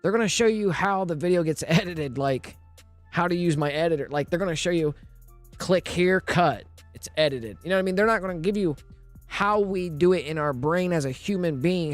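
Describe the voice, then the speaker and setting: A man streaming live, rambling and thinking aloud in casual talk, often repeating himself and asking if you know what he means. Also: a little high.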